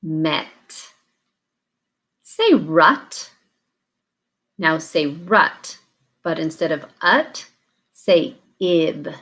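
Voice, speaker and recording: Slow, low-voiced woman teacher. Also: expressive, fairly bright tone. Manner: clear, carefully enunciated, pausing between prompts. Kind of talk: slow, deliberate phonics drill instruction.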